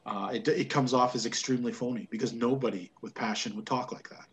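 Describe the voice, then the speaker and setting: A man co-hosting a casual wrestling podcast, opinionated and animated, now and then mocking other people's voices. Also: mid-range voice, fast, noisy background. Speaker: podcast co-host.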